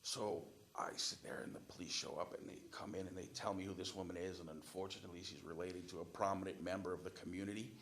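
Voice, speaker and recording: Gravelly-voiced man telling a story. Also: deep voice, steady tone, fast, hardly any pauses, a bit bright, a little hiss or hum. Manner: chatty storytelling, restarts and fillers. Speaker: city council applicant. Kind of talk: answering interview questions at a public meeting. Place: council chamber.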